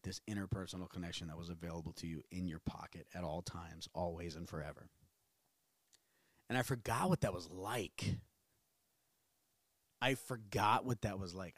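A man's voice: fairly low pitch, dry recording. A man in his thirties hosting a solo podcast from his small home studio, rambling and swearing casually with self-mocking jokes. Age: 30s. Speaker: podcast host.

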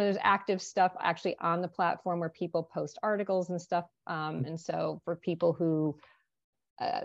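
A woman's voice: lowish voice, vocal fry, darkish tone, no room sound. Woman on dull, dry call audio. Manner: hesitant, restarts, speeds up in bursts. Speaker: panel guest. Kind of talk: casual chat.

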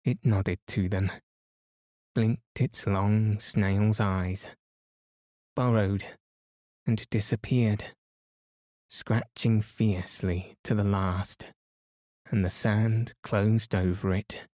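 A man's voice: on the low side, drawn-out words, pauses often, no room sound, studio quality. A man reading a storybook aloud as a soothing bedtime narrator. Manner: soft, soothing, even.

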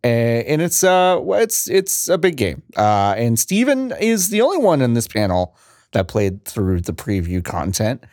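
A man hosting a casual gaming podcast, playful and quick to laugh. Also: mid-range voice, wildly swooping pitch, a little mellow, no room sound, clean studio sound. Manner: playful, laughs often, restarts intros. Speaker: podcast host.

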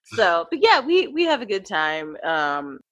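Lively, laughing woman teacher. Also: medium pitch, measured pace, a little hiss or hum, poor audio. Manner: animated, laughs often, slips into quoted voices. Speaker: acting and accent teacher. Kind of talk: casual conversation.

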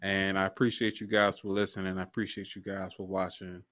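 A man hosting a podcast, wrapping up the episode in a relaxed, laid-back way. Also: deep voice, fairly quick, dry recording. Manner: relaxed, laid-back, chuckles between phrases. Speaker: podcast host. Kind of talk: casual podcast outro.

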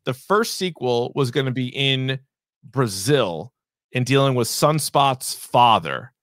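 A man's voice: mid-range voice, animated, slow pace, fairly bright tone, dry recording, clean studio sound. A man co-hosting a movie podcast, talking casually and rambling, full of fillers, swearing and acted-out asides. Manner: rambling, profane, many fillers and quoted asides. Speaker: podcast co-host. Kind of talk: casual movie review chat.

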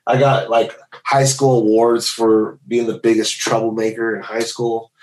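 A man's voice: mid-range voice, flat delivery, unhurried, poor audio. A man, a musician guest, talking casually and rambling with repeated words. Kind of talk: casual chat.

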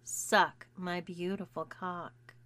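A woman's voice: fairly low pitch, fairly even intonation, slow, fairly bright tone. Woman voicing a bossy, coaxing young woman. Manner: coaxing, domineering.

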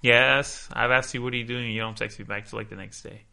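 A man's voice: medium pitch, fairly even intonation, fairly quick, creaky, sharp tone. A young man co-hosting a podcast, laid-back and teasing, recounting text exchanges. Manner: laid-back, teasing, quoting texts aloud. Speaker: podcast co-host. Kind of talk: casual chat.

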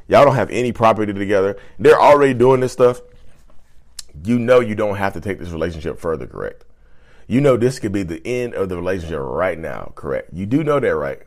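Blunt, emphatic man with a low voice. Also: a little mellow. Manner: blunt, emphatic, repeats himself, slangy. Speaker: vlogger. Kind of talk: casual advice talk to camera.

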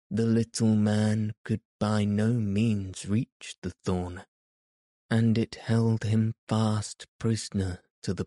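Slow, mellow male storybook narrator. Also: lowish voice, no echo, clean studio sound. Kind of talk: storybook reading.

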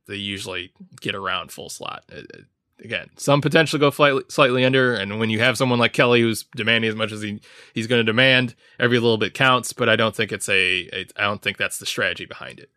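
Bright-voiced man giving sports analysis. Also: lowish voice, no echo, clean studio sound. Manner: measured analysis with fillers. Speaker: baseball reporter guest. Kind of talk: casual sports chat.

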